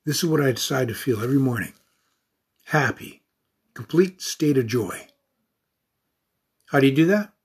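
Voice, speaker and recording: A man's voice: medium pitch, expressive, normal speed, long pauses, husky. A man giving an earnest motivational talk who repeats affirmations and phrases over and over for emphasis. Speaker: motivational speaker.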